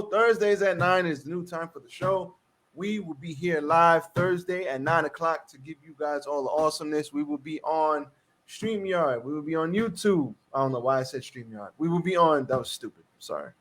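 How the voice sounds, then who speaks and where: A man hosting a casual live-streamed podcast, bantering loudly, joking and calling out to the chat. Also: a little high, animated. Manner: loud joking banter, quick asides to chat. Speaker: podcast host.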